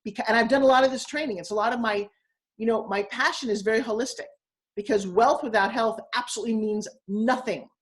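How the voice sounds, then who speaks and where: A woman's voice: on the high side, quick pace. A woman of sixty, a guest on a live video interview, talking bluntly and emphatically. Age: 60s.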